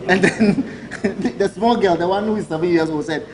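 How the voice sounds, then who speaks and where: A man's voice: high-pitched, moderate pace, poor audio. A man with a Ghanaian accent, a government minister giving an emphatic press briefing speech full of rhetorical questions. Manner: emphatic, rhetorical questions, chuckles while telling anecdotes.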